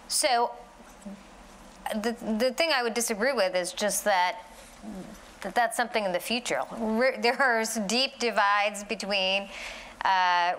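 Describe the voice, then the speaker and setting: A woman's voice: mid-range voice, a bit bright, slight background noise. A woman on a policy panel responding directly and politely disagreeing. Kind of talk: panel discussion.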